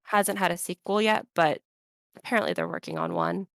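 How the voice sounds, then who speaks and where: A woman's voice: on the low side, huge pitch swings, brisk, gravelly, dry recording. A woman guest on a podcast, chatting thoughtfully and at length with frequent fillers. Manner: thoughtful, rambling, lots of fillers. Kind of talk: casual chat.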